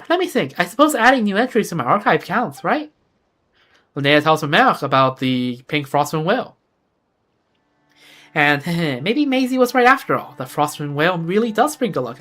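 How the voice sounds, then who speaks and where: A reader voicing an excitable, curious young woman adventurer in a fan reading of game dialogue, gushing and eager. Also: medium pitch, normal speed. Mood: polite. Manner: gushing, eager, formal when apologizing.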